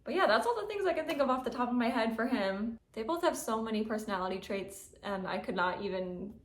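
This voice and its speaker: A woman's voice: on the high side, lively intonation, fast talker. A woman chatting casually to camera about her cat, gushing and giggling, with lots of "like". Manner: gushing, frequent likes and giggles. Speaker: cat owner vlogger. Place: at home indoors. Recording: roomy echoey room.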